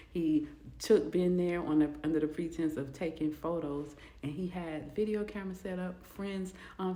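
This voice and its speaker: A woman casually telling a storytime, with animated, expressive asides. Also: on the low side. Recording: roomy echo.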